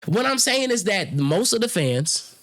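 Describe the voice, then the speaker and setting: Emphatic, argumentative man, higher voice. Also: sing-song, unhurried, fairly bright tone. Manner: emphatic, argumentative, swears, talks over others. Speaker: podcast co-host. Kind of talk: heated casual debate.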